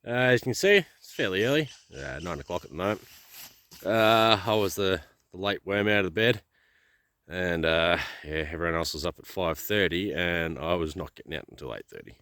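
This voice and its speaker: A man's voice: deep voice, expressive, brisk, a bit bright, dry recording. An Australian man hosting a casual metal detecting vlog outdoors in the bush, talking in a laid-back, slangy way and chuckling often. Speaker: host.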